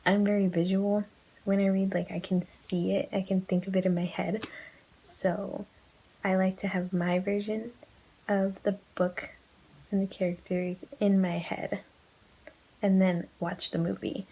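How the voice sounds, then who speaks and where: A woman's voice: mid-range voice, level tone, unhurried, dark tone, breathy edge, poor audio. A young woman gushing about a book in a casual vlog, emotional and casually swearing, often dropping into whispers. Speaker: book vlogger.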